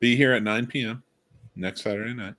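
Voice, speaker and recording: A man's voice: on the low side, fairly even intonation, fairly quick, fairly bright tone. A man co-hosting a film podcast, chatting casually and joking at his own expense. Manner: joking, self-mocking. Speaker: podcast co-host. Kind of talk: casual chat.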